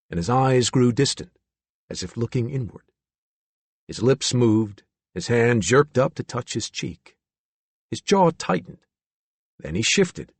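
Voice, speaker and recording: A man narrating a true-crime audiobook, expressive and voicing the characters' dialogue himself. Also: low-pitched, breathy edge, dry recording. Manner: expressive, voices several characters.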